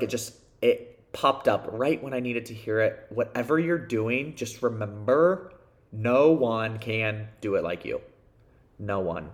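A man hosting a solo motivational podcast for salespeople, talking earnestly and upbeat, repeating phrases for emphasis and swearing now and then. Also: medium pitch. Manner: swears casually. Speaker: podcast host.

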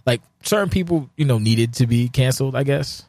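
A man's voice: medium pitch, level tone, fairly quick, darkish tone, no echo, studio quality. A man hosting a podcast in a rambling, offhand, profane casual chat, drinking a beer as he records. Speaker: podcast host.

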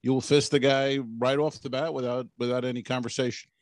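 A man's voice: medium pitch, level tone, a little fast. A man co-hosting a comedy podcast, telling a story bluntly and laughing at himself. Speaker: podcast co-host. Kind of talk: casual comedy banter.

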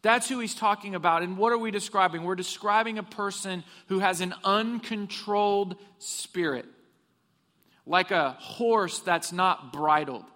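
A man with a high, sharp-toned voice preaches unhurriedly in a church hall, where the sound carries a long reverb. The pastor tells funny stories and puts questions to the congregation.

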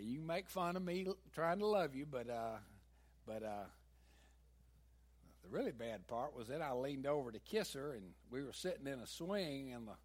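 A man with a Southern US accent preaching a sermon, mixing folksy stories with emphatic peaks. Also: fairly high pitch. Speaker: pastor.

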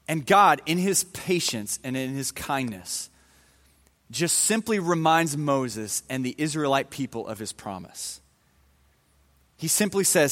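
Higher-voiced man preaching in a reverberant hall. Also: animated, a little slow, a bit bright. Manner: conversational, retells scripture in everyday slang. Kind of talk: casual Bible-story sermon.

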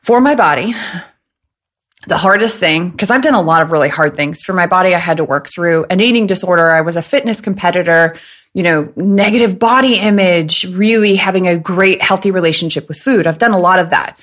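A woman from the American Midwest, in her thirties, hosts a casual solo podcast. She tells stories in a chatty, joking way. Her voice sits slightly lower than most women's. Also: fairly bright tone. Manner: chatty, jokey, fast talker. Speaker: podcast host.

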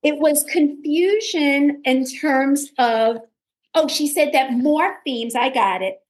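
A woman podcast host from Brooklyn, with a New York accent, chats casually in an interview, hesitating with ums as she searches her notes. Her voice sits high and moves slowly, and the sound is reverberant.

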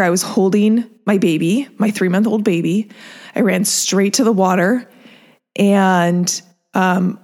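Earnest woman sharing a personal story. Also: mid-range voice. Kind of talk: personal testimony.

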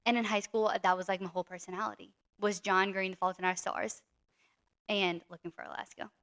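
A woman's voice: mid-range voice, level tone, fairly bright tone. A woman in her twenties from New Orleans with a New Orleans accent, co-hosting a podcast in a chatty, giggly manner. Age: 20s. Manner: chatty, giggly, quick back-and-forth. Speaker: podcast co-host. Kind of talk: casual chat.

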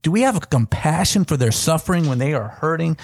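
Gravelly man in reflective devotional talk. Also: fairly high pitch, animated, a little fast, no echo. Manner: reflective, asks searching questions. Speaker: podcast co-host teaching on scripture. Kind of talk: devotional Bible teaching.

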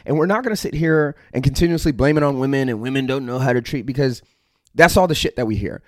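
A middle-aged American man talks straight into a close podcast mic, his voice dry with no room around it. He lectures in a blunt, confrontational way, cursing freely and pressing hard on every point, at an average pitch. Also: quick pace, dry recording. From United States. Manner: profane, aggressive, confrontational. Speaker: podcast host. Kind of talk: blunt motivational monologue.

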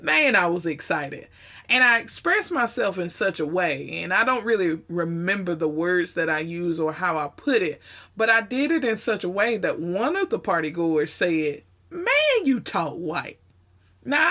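A woman's voice: lowish voice, a bit bright. A woman with a Southern US accent telling a personal story in a conversational way, with emphatic asides. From Southern United States.

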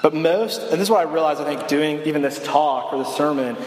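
A man's voice: a little high, a little fast, a little mellow, a little hiss or hum. Conversational young man preaching in a hall. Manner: conversational, self-deprecating, with frequent restarts. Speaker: campus minister. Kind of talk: sermon. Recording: echoey hall reverb.

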